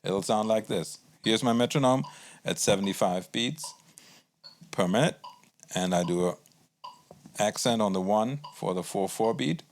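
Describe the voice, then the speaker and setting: A man teaching a guitar lesson in a calm, explanatory way, counting beats aloud as he plays. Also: fairly low pitch, a little slow, long pauses, slight background noise. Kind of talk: instructional music lesson.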